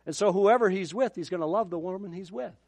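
Man, pastor from Minnesota; sermon storyteller, slightly high voice, dry. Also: fast, no echo. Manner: animated storytelling with repeated words and acted-out quotes.

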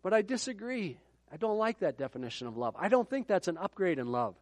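A middle-aged man delivers a sermon in a casual, conversational way, breaking off into joking asides. His voice sits a little high for a man. The sound is dry and close, with no room echo. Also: big pitch swings, a little fast, darkish tone. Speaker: pastor.

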